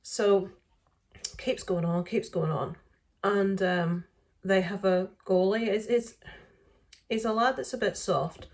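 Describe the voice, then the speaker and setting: A woman's voice: medium pitch, slow, pauses often, a little mellow. Woman vlogger telling an indignant story. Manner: indignant retelling, lots of fillers and restarts. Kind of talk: casual storytelling to camera.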